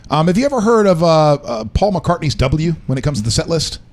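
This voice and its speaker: Lively, rambling male talk show host. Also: on the high side, a little fast. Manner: rambling, frequent ums and uhs. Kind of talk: casual morning show chat.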